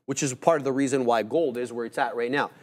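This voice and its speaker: A man co-hosting a live stock trading stream, walking through his trades and giving shout-outs to viewers in the chat. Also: medium pitch, steady tone, quick pace. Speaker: trading show co-host.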